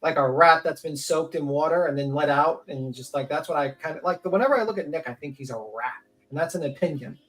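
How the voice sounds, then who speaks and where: A woman's voice: sits low, fast talker, hardly any pauses, recorded from a distance, poor audio. A woman hosting a livestream panel, talking in a blunt, rambling and mocking way. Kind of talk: casual opinionated chat.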